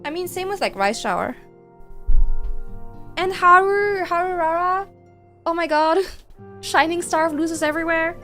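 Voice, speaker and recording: A woman's voice: very high-pitched, moderate pace, long pauses, pushed and bright, soft background music. A young woman streaming games, chatting casually and gushing to her chat with giggles.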